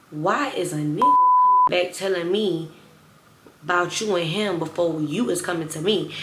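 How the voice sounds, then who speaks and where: Young woman, blunt slangy storytime rant, low voice, echoey room, faint hum. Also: a bit bright. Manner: blunt, heated, slangy, talks straight to viewers. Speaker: storytime vlogger. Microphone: phone camera.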